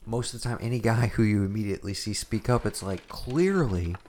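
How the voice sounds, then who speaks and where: A man's voice: fairly low pitch, lively intonation, a little fast, a little mellow, slight background noise. A man co-hosting a podcast in casual chat, thoughtful and hedging, often restarting his sentences. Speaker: podcast co-host.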